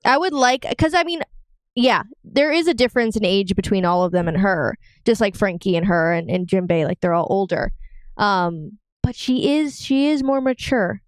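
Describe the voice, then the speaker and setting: A woman's voice: medium pitch, lively intonation, normal speed, clear, resonant tone, no room sound. A woman co-hosting a casual live podcast, playful and teasing, breaking into giggles. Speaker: podcast co-host. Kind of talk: casual live-stream chat.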